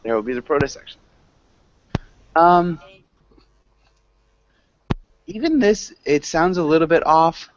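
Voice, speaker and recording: A man's voice: a little high, lively intonation, a little hiss or hum. Encouraging male English teacher, dull call audio. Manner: encouraging, laughs often, slow corrections. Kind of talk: online English class.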